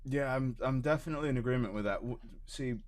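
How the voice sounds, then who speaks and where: A man's voice: mid-range voice, fast talker, slight background noise. A man co-hosting a live trading show, laughing easily and getting emphatic when he makes a point. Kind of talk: casual trading chat.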